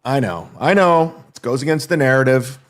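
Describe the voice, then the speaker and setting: A man's voice: medium pitch, lively intonation, normal speed. A stand-up comedian man in a casual monologue, boastful and defensive, swearing freely. His voice sits in an ordinary middle range for a man.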